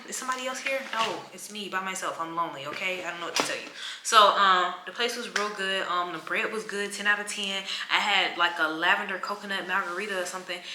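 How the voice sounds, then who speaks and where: A young woman tells an animated, casual vlog story and acts out the people she quotes. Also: mid-range voice, roomy sound, noisy background. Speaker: travel vlogger.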